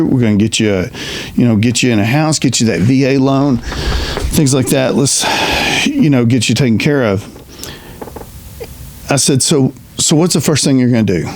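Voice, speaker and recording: A middle-aged man, a retired veterans' representative, speaking earnestly in a halting personal monologue full of restarts. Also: medium pitch, a little mellow, a little hiss or hum. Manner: earnest, halting storyteller with many restarts and fillers.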